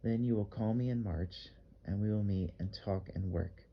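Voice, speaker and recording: A man's voice: on the low side, normal speed, highs cut off, a little hiss or hum, natural voice. A man reading a blunt, strong-voiced male artist with a vague Russian accent in an audiobook, giving insistent commands. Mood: commanding.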